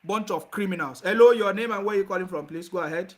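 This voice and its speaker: A man's voice: sits high, fast. A man with a Nigerian accent hosting a call-in show, blunt and combative with callers. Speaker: host.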